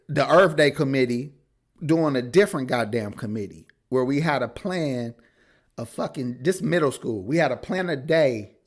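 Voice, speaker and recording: A man co-hosting a podcast, telling stories in casual, profane chat and slipping into mocking voices. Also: mid-range voice. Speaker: podcast co-host.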